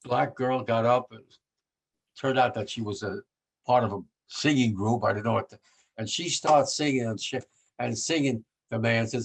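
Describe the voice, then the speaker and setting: In poor audio, a gravelly, mid-range male voice at normal speed belongs to a war veteran in his nineties. During a conversational interview he talks in an emphatic, rambling way, with many restarts, and grows emotional over what he's discussing.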